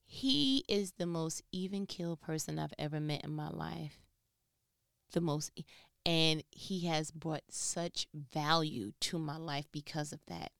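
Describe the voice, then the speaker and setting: A woman giving a casual motivational talk into her phone, telling stories animatedly and swinging from loud to hushed. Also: low-pitched, fairly even intonation, unhurried, gravelly, clean tone, dry recording, studio quality. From New York.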